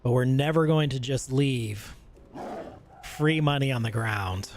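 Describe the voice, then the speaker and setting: A male gaming streamer in casual, rambling commentary. He speaks at an ordinary mid pitch and gets enthusiastic with slangy excitement while he plays. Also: a little slow, slight background noise.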